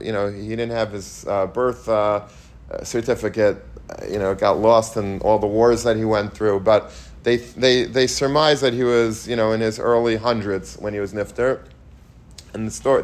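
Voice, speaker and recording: Man giving a Torah lecture. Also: lowish voice. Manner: storytelling with Yiddish and Hebrew terms, many restarts. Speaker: Torah teacher.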